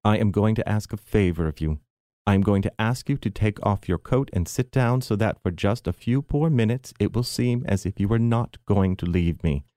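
A man's voice: on the low side, normal speed, warm tone, dry recording, clean studio sound, close to an everyday voice. A man voicing a theatrical, bitter, self-pitying aging mother in an arch, mannered way.

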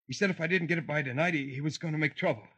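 A frantic, pleading younger brother. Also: male voice, on the high side, rapid-fire, sharp tone, husky. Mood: shaken. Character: panicky weak younger brother, a scheming gambler. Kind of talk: 1950s radio drama acting.

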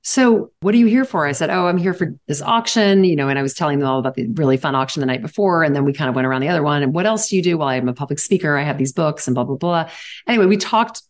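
A woman in her forties from Louisiana, a guest on a podcast interview, telling stories in an animated and upbeat way. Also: low voice. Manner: animated storyteller, quick and upbeat with laughs. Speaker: guest, charity auctioneer and founder.

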